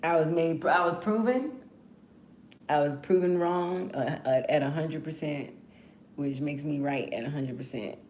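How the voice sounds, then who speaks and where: Lower-pitched woman host of about forty, profane and rambling, casual monologue. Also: unhurried, a little mellow, a little hiss or hum. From Texas. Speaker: podcast host.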